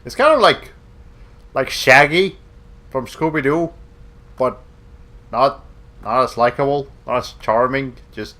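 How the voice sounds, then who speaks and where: A young man commentating on a game stream in a rambling, jokey way with quick asides. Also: mid-range voice, lively intonation, pushed and bright. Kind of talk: let's play commentary.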